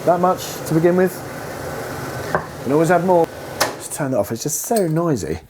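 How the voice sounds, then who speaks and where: A man's voice: on the high side, lively intonation, moderate pace. Chatty man cooking over sizzling pans. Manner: chatty, playful, talks while cooking. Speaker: cooking show host. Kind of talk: casual cooking demonstration. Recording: clear frying noise behind voice. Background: frying and sizzling pan sounds.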